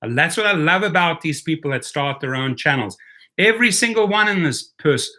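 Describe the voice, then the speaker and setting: A man's voice: a little high, animated, fairly quick, pushed and bright. A man with a non-native English accent hosting a live stream, talking passionately and rallying his viewers. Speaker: rideshare YouTube host.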